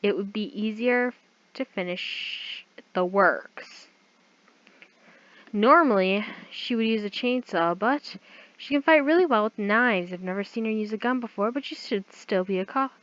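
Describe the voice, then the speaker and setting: A woman's voice: a little high, measured pace, fairly bright tone. A woman voicing a playful, cruel male villain in a casual read-aloud of a fan story, teasing and offhand. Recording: dull lo-fi recording.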